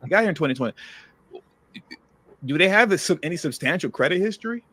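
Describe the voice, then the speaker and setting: A man hosting a commentary show in a slightly raised voice. He talks in a sarcastic, slangy way and breaks into his own reading with asides. His delivery is animated. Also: on the high side, fast talker, crowd noise. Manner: reads articles aloud with running asides. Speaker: host. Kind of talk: political commentary.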